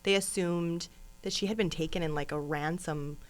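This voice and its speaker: A woman's voice: fairly low pitch, steady tone, normal speed. A woman co-hosting a true crime podcast in casual, chatty talk, rambling into asides and laughing often. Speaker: podcast co-host.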